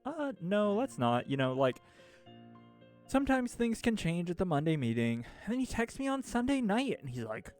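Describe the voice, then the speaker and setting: A man's voice: high-pitched, big pitch swings, moderate pace, a little mellow, faint music behind. A man streamer venting to chat in a rambling, exasperated way, swearing often and laughing mid-sentence. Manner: rambling with restarts and filler. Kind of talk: casual ranting chat.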